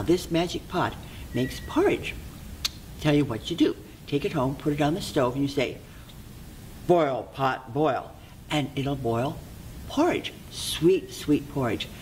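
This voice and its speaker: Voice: mid-range voice, slight background noise, natural voice. Storyteller doing a kindly magic old woman. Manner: slow, gentle and soothing.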